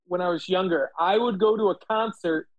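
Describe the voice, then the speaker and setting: A man's voice: high-pitched, moderate pace, dull audio. A man hosting a casual chat with friends, telling stories and acting out what people said. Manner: animated storyteller acting out quotes. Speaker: host.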